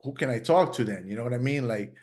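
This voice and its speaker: A man's voice: mid-range voice, animated, fast talker, a little mellow. A man hosting a podcast in a casual, open way, with a mid-range voice. He talks candidly about himself and slips into acted-out lines of his own inner voice. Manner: candid, self-reflective, acts out his inner voice. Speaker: podcast host. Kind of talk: casual conversation.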